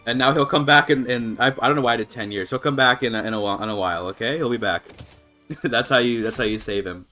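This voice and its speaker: A man speaks quickly in a mid-range voice, commentating a strategy game live over soft background music. Casual and thinking aloud, he fills in with ums and restarts, laughs frequently, and his voice shoots up when excited.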